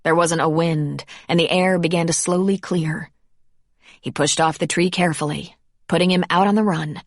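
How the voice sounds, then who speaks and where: A woman reading a romance audiobook in measured scripted narration. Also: lowish voice, steady tone, no echo, clean studio sound.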